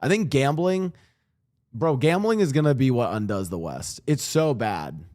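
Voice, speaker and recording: A young man rambles through a casual reaction stream, swearing freely and restarting his sentences. His pitch swings widely as he talks. He is close on a streaming mic in a home room. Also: lively intonation, moderate pace, darkish tone. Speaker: streamer and podcast host.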